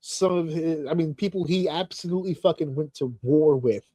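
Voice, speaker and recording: A man co-hosting a podcast, telling a story in casual chat with lots of swearing and animated excitement. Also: on the high side, moderate pace, no room sound. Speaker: podcast co-host.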